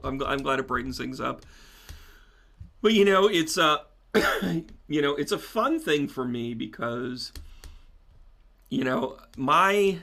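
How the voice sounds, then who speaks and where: With a fairly high-pitched, gravelly voice, a man chats animatedly with viewers on a casual live stream, where he appears as a spiritual medium and astrology teacher. Every so often he erupts into loud laughter.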